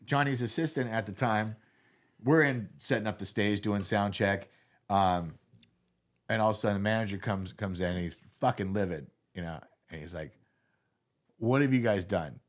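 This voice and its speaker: Man, middle-aged, casual interview guest, rambling, animated, lots of "you know". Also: fairly low pitch, normal speed. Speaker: guitar tech, guest telling stories.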